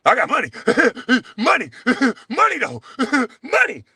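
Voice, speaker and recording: A man's voice: very high-pitched, huge pitch swings, slow pace, vocal fry, bright, forceful tone, slightly rough, dry recording, studio quality, pitched above the performer's own voice, heavily acted. A man putting on the voice of a smug rich man who brags about his money, in a mocking sing-song.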